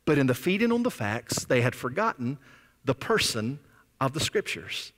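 A man's voice: mid-range voice, big pitch swings, normal speed, fairly bright tone. A man preaching a sermon as pastor, with dramatic rises and drops in volume. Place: church sanctuary. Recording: long reverb of a church sanctuary.

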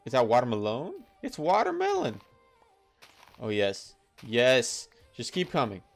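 Excitable young man narrating his gameplay. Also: medium pitch, a little slow, creaky, faint music behind. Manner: chatty, excitable, talks to the animals in the game. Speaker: gaming YouTuber. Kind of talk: casual gameplay commentary.

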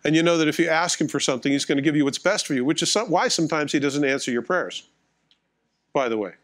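A man's voice: fairly high pitch, quick pace, fairly bright tone. A middle-aged male pastor delivering a sermon in a conversational, wry, self-mocking way, acting out little dialogues.

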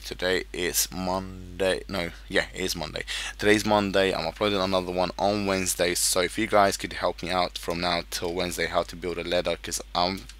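A man's voice: sits low, a bit bright. A man giving casual commentary on his own game, swearing freely and venting when things go wrong. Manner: swears a lot, frustrated outbursts. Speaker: gaming YouTuber.

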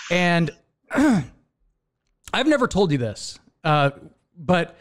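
A male podcast host chats casually, cheering his guest on and wandering through memories with many restarts. His voice sits high. His pitch swoops about as he talks. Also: big pitch swings, slow. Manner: encouraging, rambling, restarts often. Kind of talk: casual chat.

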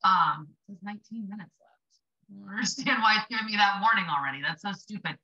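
Blunt, chatty woman with a very bright voice. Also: mid-range voice, brisk, dull audio. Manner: blunt, chatty, swears for emphasis. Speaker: livestream host coaching small business sellers. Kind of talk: casual motivational live stream.

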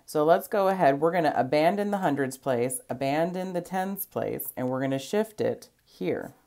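A woman's voice: sits low, animated, normal speed, dark tone. A woman teacher explaining a math lesson patiently, step by step, counting places aloud.

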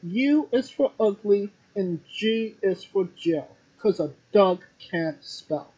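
A host asking casual interview questions with a dry, relaxed humor. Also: mid-range voice, takes it slowly, breathy edge, dull audio. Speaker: podcast host.

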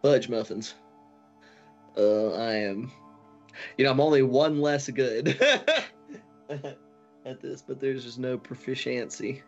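A man's voice: medium pitch, animated, slow, pauses often, soft background music. A man playing a tabletop game, casual and self-deprecating. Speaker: player. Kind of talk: casual chat. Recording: muffled lo-fi audio.

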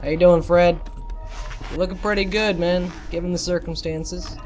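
A man commentating a horror game while losing his voice, joking with the characters and yelping loudly at scares. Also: sits high, fairly even intonation, normal speed, soft background music. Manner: jokey banter with game characters, yelps and shouts at jump scares. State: losing his voice, a bit sick. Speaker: gameplay commentator.

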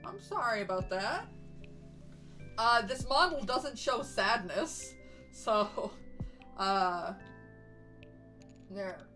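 This VTuber, a young woman at home, chats with her viewers in a bubbly way and baby-talks her dogs, her medium-pitched voice animated yet sharp. She speaks extremely slowly, leaving long pauses. Soft music plays behind the low-quality recording.

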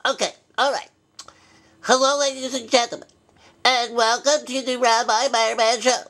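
A man's voice: little pitch movement, normal speed, fairly bright tone. A man voicing a forgetful, cranky old male bear rabbi who hosts a puppet comedy show, bumbling and stubborn. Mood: flustered. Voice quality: high-pitched, bumbling and cranky. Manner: forgetful, stubborn, easily flustered. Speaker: show host.

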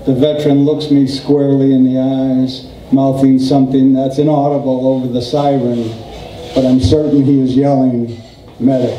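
A man in his sixties giving a slow, deliberate poetry reading at an event. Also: medium pitch, level tone, dark tone, highs cut off, slight background noise. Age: 60s. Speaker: poet. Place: event room. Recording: roomy, distant mic, faint ambience.

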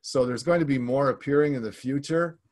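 A man's voice: mid-range voice, fairly quick, a little mellow. A man preaching a teaching sermon in a church, explaining step by step with frequent fillers and restarts.

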